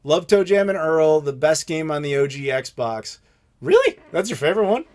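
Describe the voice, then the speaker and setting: An American man in his thirties hosting a live Q&A stream, telling stories in a blunt, animated, profane way. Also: a little high, normal speed. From United States. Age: 30s. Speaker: channel host.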